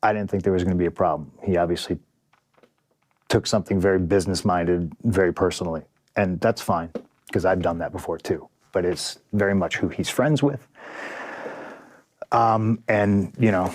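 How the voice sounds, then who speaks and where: A man's voice: low voice, no room sound. A man being interviewed as a guest, telling a story in a blunt, profane, frustrated way and acting out the dialogue. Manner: acts out quoted dialogue. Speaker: interview guest, pro wrestler.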